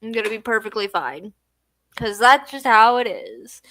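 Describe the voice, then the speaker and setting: A woman's voice: on the high side, lively intonation, normal speed, a bit bright, no room sound. A tired young woman chatting casually on a late-night livestream at home, yawning and drowsy. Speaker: streamer.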